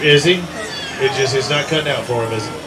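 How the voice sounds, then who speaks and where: Here a man in his sixties with a medium-pitched voice talks at a quick pace over the murmur of a crowd, emceeing an outdoor fishing tournament weigh-in. He jokes with anglers while announcing who caught what and how much it weighed. The recording is rough.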